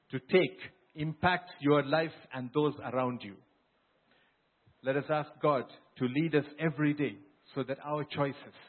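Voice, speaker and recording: A man's voice: a little high, narrow, tinny audio. A man preaching a sermon as pastor, retelling scripture in an earnest, emphatic storytelling way.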